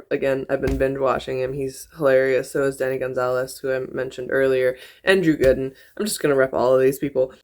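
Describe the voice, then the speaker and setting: Vlogger, put-on country accent, middling pitch, rambling, giggly, casual to-camera chat. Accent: put-on American country. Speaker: YouTuber. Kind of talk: casual reaction vlog.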